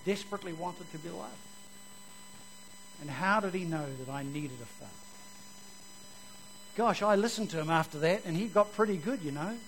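A New man with a fairly high voice tells his life story to a live audience, like a preacher. He is a vivid storyteller who drops to near-whispers and then rises again. A faint hum sits behind his voice. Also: normal speed, long pauses, poor audio. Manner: vivid storyteller, swings from loud to hushed. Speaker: speaker giving his testimony. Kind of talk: personal testimony told to an audience.

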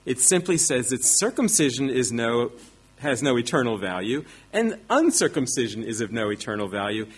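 A man's voice: medium pitch, sing-song, normal speed, husky. A man preaching a sermon, teaching emphatically with rhetorical questions and self-deprecating asides.

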